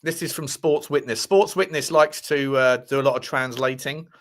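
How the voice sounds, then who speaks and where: A man's voice: medium pitch, moderate pace. A man hosting a casual live football stream, bantering and repeating his phrases with some swearing. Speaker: football podcast host.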